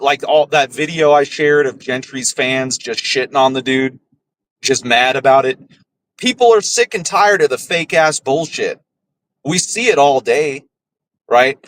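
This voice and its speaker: Profane, scornful ranting man, slightly high. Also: a bit bright, a little hiss or hum, low-quality recording. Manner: profane, scornful, tags statements with "right?". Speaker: podcast host. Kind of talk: ranting commentary.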